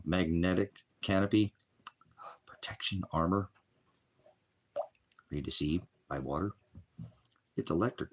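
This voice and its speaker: A man delivers an informal, meandering sermon in a deep, husky voice. He is combative and swears freely, and he clears his throat often between points. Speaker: street preacher.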